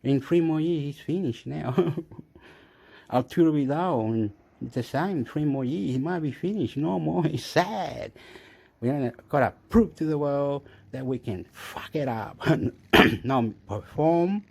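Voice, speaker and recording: Gravelly rambling man. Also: a little high, measured pace. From Chile. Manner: rambling, excitable, swears and laughs often. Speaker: vlogger. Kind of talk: casual rambling rant. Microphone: phone.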